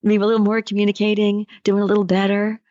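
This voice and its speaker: A woman's voice: mid-range voice, monotone, fast, mellow, no echo, lo-fi sound. A woman life coach hosting a motivational podcast, speaking conversationally and telling stories. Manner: conversational, storytelling. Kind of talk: motivational solo podcast talk.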